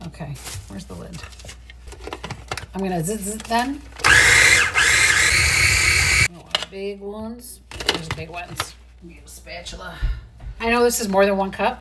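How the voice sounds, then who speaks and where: A woman's voice: on the low side, far from the mic. A middle-aged woman chatting casually and swearing freely to a phone camera while she cooks in her home kitchen. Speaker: home cooking vlogger. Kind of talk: casual kitchen vlog chat. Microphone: phone on a tripod. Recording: phone mic from across the kitchen with background noise.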